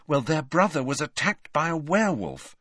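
A man voicing a brisk, impatient, clever teenage girl in an audiobook. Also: a little high, very animated, a bit bright, husky, dry recording, studio quality, pitched above the performer's own voice, heavily acted. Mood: grave.

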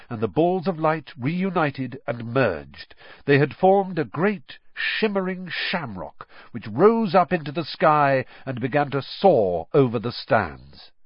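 Slow, expressive husky male narrator. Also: on the high side, no room sound. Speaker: audiobook narrator. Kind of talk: audiobook narration. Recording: dry, slightly dull recording.

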